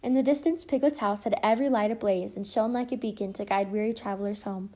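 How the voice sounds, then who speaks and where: A woman reading a children's storybook aloud with expressive delivery. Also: medium pitch, fast talker. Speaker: storybook reader.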